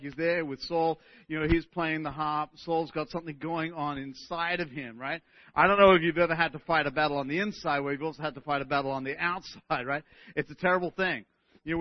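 A male pastor delivering an animated sermon, often checking in with "right?" and restarting his words. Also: a little high, no echo, dull audio.

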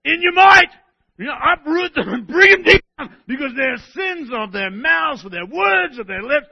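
Preacher doing an enraged yelling king, high and strained, drags out every word, dull dry sound. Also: lively intonation, creaky, full character voice. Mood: furious. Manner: shouting, drawn-out and fierce. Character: furious King David, grown man crying for vengeance.

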